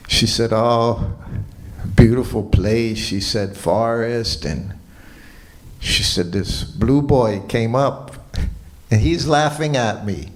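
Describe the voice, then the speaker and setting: A man giving a morning lecture at a temple, telling a personal story in a relaxed way and quoting what people said. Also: mid-range voice, slow pace. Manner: relaxed anecdotal storytelling with quoted dialogue. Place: temple hall.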